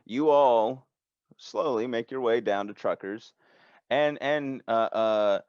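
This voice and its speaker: A man running a tabletop game as game master, rambling and joking with frequent restarts. His voice is dry and close, at an average pitch, with a dull lo-fi quality. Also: slow, a little mellow, clean tone, dry recording.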